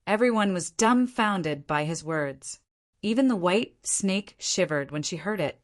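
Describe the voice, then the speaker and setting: A woman narrating a fantasy audiobook in a steady, even reading voice. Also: fairly low pitch. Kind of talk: scripted narration.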